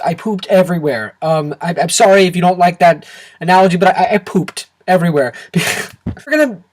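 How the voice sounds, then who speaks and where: An excitable man reviews a film straight to camera, ranting with exaggerated outbursts. His delivery is animated and theatrical, as if he is talking to a friend. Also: high-pitched, low-quality recording. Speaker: movie reviewer.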